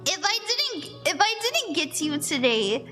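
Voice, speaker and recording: Woman, live streamer, tired and giggly, lively pitch, faint music behind. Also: normal speed. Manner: giggly and sleepy, laughing often. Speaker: streamer doing palm readings. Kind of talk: casual live-stream chat. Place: room with echo.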